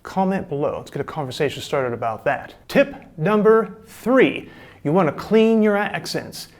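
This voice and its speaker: A man's voice: on the high side, sing-song, fairly quick, darkish tone. A middle-aged man giving a casual, chatty drum lesson, explaining and demonstrating technique. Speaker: drum teacher.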